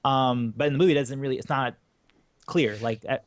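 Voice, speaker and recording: Fast-talking man on a podcast. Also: mid-range voice, no room sound. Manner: quick, rambling, many fillers. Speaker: podcast co-host. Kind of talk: casual film review chat.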